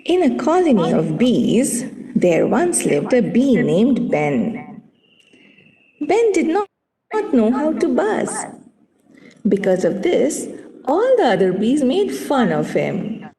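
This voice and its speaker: A woman narrating a recorded listening lesson for young children, telling a story slowly and clearly. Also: a little high, wildly swooping pitch, dark tone, slight background noise. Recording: echoey hall recording.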